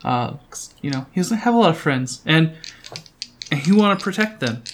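A man's voice: fairly high pitch, animated, normal speed, slight background noise. A man playing a tabletop role-playing game, earnestly explaining his character's feelings before attacking. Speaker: player. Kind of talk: casual tabletop play.

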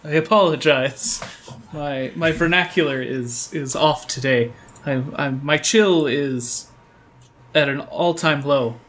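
A man's voice: a little high, slow pace, a bit bright. A man player in a tabletop game, making wry, mock-formal jokes.

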